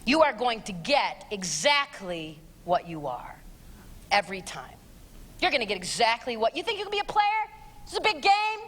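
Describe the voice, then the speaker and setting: A middle-aged woman giving a blunt, sarcastic live talk to teens and parents, her voice jumping high when she exclaims. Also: sing-song, normal speed, a bit bright. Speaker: speaker. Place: church auditorium. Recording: long reverb of a large hall.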